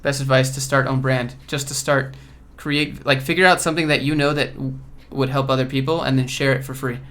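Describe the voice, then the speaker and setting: Brief: easygoing male coding streamer from Georgia, crisp bright tone, chatting through viewer questions. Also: medium pitch, a little fast. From Georgia, USA. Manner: relaxed, offhand, reads chat questions aloud. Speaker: coding YouTuber host. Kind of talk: casual livestream Q&A. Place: home.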